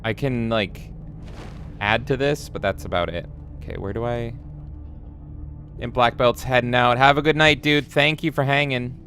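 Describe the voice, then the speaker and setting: With faint music behind him, a game streamer speaks at normal speed in a medium-pitched, sharp voice, pausing often. He keeps the live-stream chat casual and playful, cursing freely and reading out viewer comments.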